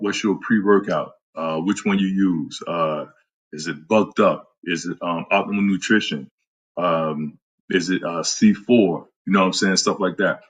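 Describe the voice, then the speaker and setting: Husky, low-voiced man talking fitness. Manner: loose, profane, repeats himself with many fillers. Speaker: fitness podcast host. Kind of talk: casual talk answering listeners.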